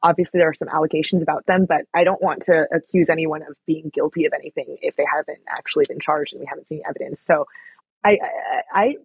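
Fast-talking husky young woman. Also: sits low, steady tone, no room sound, lo-fi sound. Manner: chatty, lots of fillers and likes. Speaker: guest. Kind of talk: casual storytelling.

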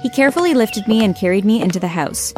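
A woman's voice: medium pitch, animated, quick pace, a little mellow, faint music behind. Woman telling a wry story. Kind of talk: scripted first-person story narration.

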